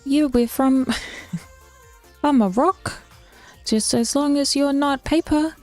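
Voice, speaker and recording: A woman doing Korg, a high lilting rock creature. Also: slow pace, darkish tone, soft background music. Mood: goofy. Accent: New Zealand. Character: big gentle rock creature man, friendly.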